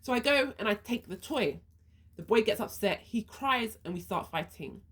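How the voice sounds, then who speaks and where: A woman's voice: mid-range voice, animated, moderate pace, fairly bright tone, husky. A woman speaking her views in an earnest monologue, walking through a hypothetical first-person story step by step. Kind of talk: reflective monologue.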